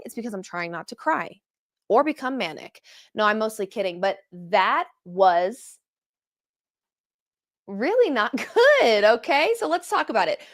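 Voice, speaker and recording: A young adult woman hosting a post-game reaction show, talking to her viewers in an animated, exasperated way with sarcastic asides. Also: medium pitch. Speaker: sports show host.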